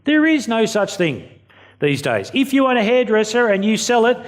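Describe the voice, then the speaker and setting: A man's voice: high-pitched, sing-song, moderate pace. Blunt Australian man telling stories. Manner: blunt, self-mocking, acts out quotes. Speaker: keynote speaker. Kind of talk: storytelling keynote speech. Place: conference venue before an audience.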